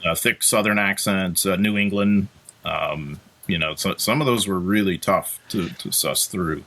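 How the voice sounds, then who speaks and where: A man's voice: deep voice, a little slow, bright, forceful tone. A man co-hosting a casual history discussion over a video call, thoughtful and telling anecdotes. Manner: thoughtful, many fillers and restarts, tells anecdotes. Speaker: podcast co-host.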